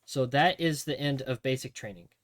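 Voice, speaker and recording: A man telling army training stories to his stream in a casual, profane, animated way. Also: mid-range voice, moderate pace.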